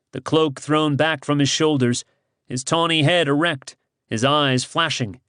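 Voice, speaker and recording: Slow, measured male audiobook narrator. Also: mid-range voice, fairly bright tone, no echo, studio quality. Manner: measured, dramatic storytelling. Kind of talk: scripted narration.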